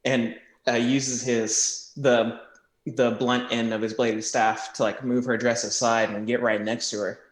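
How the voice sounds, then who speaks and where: A man's voice: medium pitch, level tone, a little slow, reverberant. A man playing a tabletop game, hesitantly describing his character's actions with many fillers. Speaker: player.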